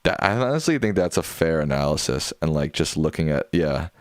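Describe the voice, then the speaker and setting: Young male streamer, deep voice, dry close-miked sound, casual and rambling. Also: lively intonation, fairly quick, no echo. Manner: loose and rambling, with many fillers and restarts. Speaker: livestream host. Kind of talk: casual livestream chat reading viewer comments.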